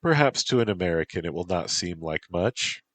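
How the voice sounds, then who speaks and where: A man's voice: low voice, lively intonation, normal speed, fairly bright tone, dry recording. A man voicing a reserved, formal woman who serves a prince, speaking stiffly.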